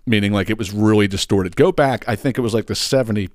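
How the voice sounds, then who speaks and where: Man, podcast host, casual rant, lowish voice, dry close sound. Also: fast, no room sound. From Philadelphia area. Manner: animated, swearing, pitch jumps up when ranting. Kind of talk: casual ranting monologue. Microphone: side-address studio microphone.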